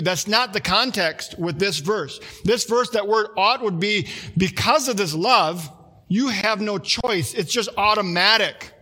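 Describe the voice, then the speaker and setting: A pastor preaching a conversational sermon, telling a family story with acted-out quotes. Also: male voice, sits high, moderate pace, sharp tone.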